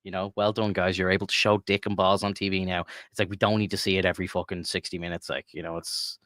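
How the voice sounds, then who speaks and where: A man's voice: low voice, level tone, fast, fairly bright tone, dry recording, clean studio sound. A young man co-hosting a casual podcast chat, swearing freely, rambling with lots of "like" and laughing often. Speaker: podcast co-host.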